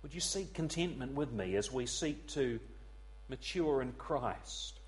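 A man preaches at an evening service, pleading and earnest, his medium-pitched voice moving with lively intonation at a slightly slow pace. He surges loud, falls to a near hush, and repeats words while groping for them.

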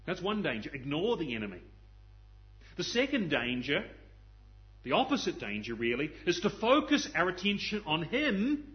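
A man's voice: on the high side, lo-fi sound. A man preaching a sermon in an earnest, questioning manner, often repeating phrases as he searches for words. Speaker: pastor.

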